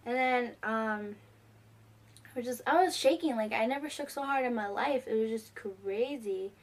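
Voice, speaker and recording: Teen girl vlogger, high-ish voice, gushing and rambling, casual story. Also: moderate pace. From New York. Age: teens. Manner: gushing, rambling, many fillers. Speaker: fan vlogger.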